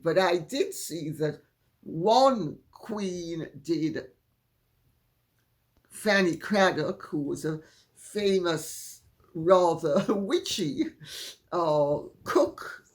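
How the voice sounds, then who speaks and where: A woman with an upper-class Jamaican accent, hosting her own channel and answering viewer questions in a measured, deliberate way. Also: on the low side. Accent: Jamaican, Upper Saint Andrew. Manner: deliberate, measured, drawn-out phrasing with frequent laughs. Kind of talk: casual solo talk to camera.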